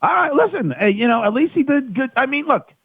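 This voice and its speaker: Gravelly man on a tinny phone line. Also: very high voice, big pitch swings, no room sound. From New York. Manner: raunchy, storytelling, quick denials. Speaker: guest on the phone. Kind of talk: crude radio banter.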